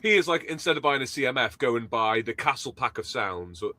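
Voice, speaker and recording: A man co-hosting a casual livestream podcast, blunt and sarcastic, quick to dismiss what he dislikes. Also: medium pitch, animated, crowd noise. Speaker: podcast co-host.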